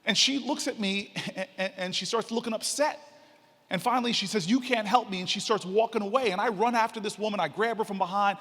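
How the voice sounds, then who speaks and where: High-voiced man giving a hall keynote. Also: fairly quick, fairly bright tone. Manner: storytelling, building to rousing emphasis. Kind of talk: keynote speech. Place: large convention hall. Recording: reverberant hall.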